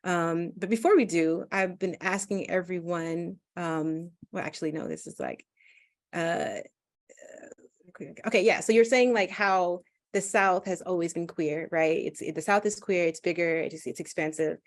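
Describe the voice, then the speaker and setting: A woman hosting a casual Q&A. Her voice sits on the lower side, and she speaks in a chatty, loose way with lots of fillers. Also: a little slow. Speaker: moderator.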